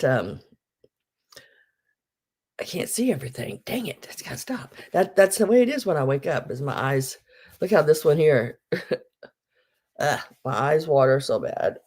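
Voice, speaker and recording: In casual livestream chat, a middle-aged woman with a rumbling low voice hosts an online sale, rambling and greeting viewers by name. Her intonation is lively, her pace moderate, and her voice still groggy since she has just woken up.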